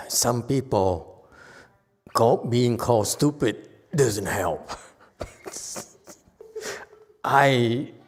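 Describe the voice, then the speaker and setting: Man, Buddhist teacher, dharma lecture, very slow unhurried delivery, joking and self-mocking, conversational, temple hall. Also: mid-range voice.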